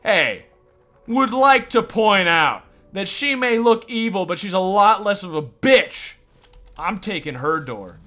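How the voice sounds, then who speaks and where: A man's voice: sits high, lively intonation, measured pace, bright, forceful tone. A man streaming a video game, making wry, casually profane asides to his viewers. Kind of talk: casual gameplay commentary. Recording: stream with faint game music.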